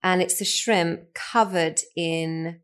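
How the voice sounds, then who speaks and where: Woman host, relaxed and chatty, describing jewellery to a guest. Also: fairly low pitch, slow pace, clean tone. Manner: warm reactions, laughs and prompts the guest. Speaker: podcast host. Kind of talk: casual interview chat.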